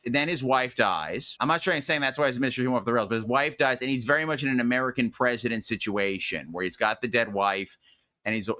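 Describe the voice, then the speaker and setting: A man's voice: mid-range voice, sharp tone. A man hosting a history podcast, rambling and opinionated, with many fillers and restarts. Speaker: podcast host. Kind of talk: casual history podcast chat.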